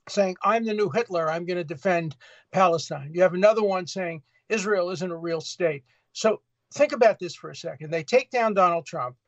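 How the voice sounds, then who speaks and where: An older man joins an interview as a guest and argues his point emphatically. His voice is high for a man. The sound is muffled and very dry, like a lo-fi remote feed. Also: dry recording. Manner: emphatic, argumentative. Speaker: guest commentator.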